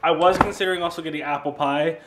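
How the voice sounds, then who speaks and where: A man's voice: a little high, steady tone, quick pace, background noise. A young man with an American accent talking casually to a handheld camera at home, chatty and easily distracted. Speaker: vlogger. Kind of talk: casual family vlog chat. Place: family home, indoors.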